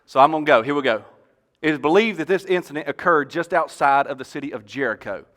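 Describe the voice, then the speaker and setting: On a church stage, a male pastor preaches a sermon, telling the story animatedly and joking with the congregation. His voice is a little high and he speaks quickly.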